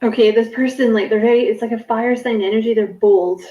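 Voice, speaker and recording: A woman's voice: fairly high pitch, little pitch movement, fast talker, dark tone, reverberant, low-quality recording. A woman giving a casual spiritual card reading to camera, musing and rambling with many fillers and self-corrections. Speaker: tarot card reader.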